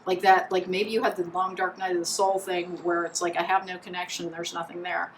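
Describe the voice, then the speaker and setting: A woman's voice: lowish voice, level tone, fairly quick, a little hiss or hum, rough recording. A woman doing a pick-a-card tarot reading in a chatty, meandering way, full of restarts and fillers. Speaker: tarot reader.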